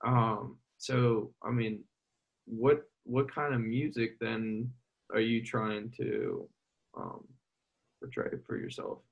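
A man's voice: medium pitch, fairly even intonation, slow, muffled recording. A man interviewing a guest in a casual, rambling way, full of fillers. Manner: casual, filler-heavy questions.

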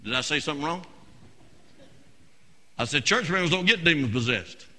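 A man preaches to his congregation with a piercingly bright, tense voice, urging them to call back and lacing his lines with "uh" and restarts. He swings between shouted passages and hushed asides. A long church reverb trails every phrase. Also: on the high side, expressive, normal speed. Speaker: senior pastor. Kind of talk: sermon. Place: church sanctuary.

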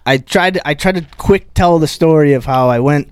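A man's voice: fairly high pitch, moderate pace, clean tone, no room sound. A man, a stand-up comedian, telling a rambling, profane story in casual chat.

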